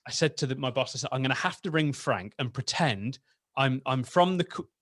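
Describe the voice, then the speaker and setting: A man's voice: mid-range voice, fairly quick, dry recording, studio quality. A man from England with a light Yorkshire accent, hosting a podcast in casual chat and telling stories with lots of laughter. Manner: animated storyteller, laughs often, says "brilliant" a lot. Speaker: podcast host.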